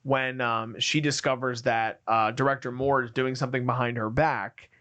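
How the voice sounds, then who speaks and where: A man co-hosting a film review podcast, talking casually and acting out movie scenes with quick quoted voices. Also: medium pitch, flat delivery, a bit bright. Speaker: podcast co-host.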